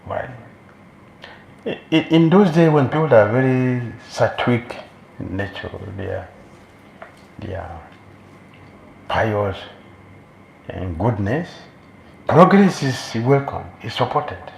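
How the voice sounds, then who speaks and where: A man's voice: medium pitch, big pitch swings, slow pace, gravelly, long pauses, slight background noise. A man giving a sermon as a spiritual teacher, emphatic and repeating key phrases for weight. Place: temple hall. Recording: roomy hall echo.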